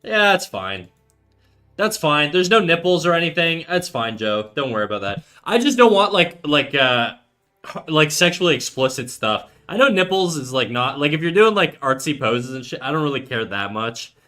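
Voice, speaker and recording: Male streamer, 30s, slightly high and very bright tone, relaxed and profane chat-reading delivery. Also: moderate pace, faint music behind. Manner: profane, laid-back, reads chat aloud. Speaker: art livestreamer. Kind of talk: casual livestream chat.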